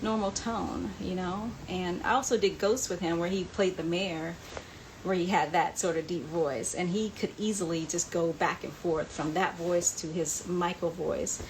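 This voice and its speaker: A woman's voice: on the low side, steady tone, moderate pace, a little hiss or hum, low-quality recording. Chatty woman hosting a fan livestream. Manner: chatty, reads out viewer comments, laughs often. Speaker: livestream host answering fan questions. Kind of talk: casual live chat.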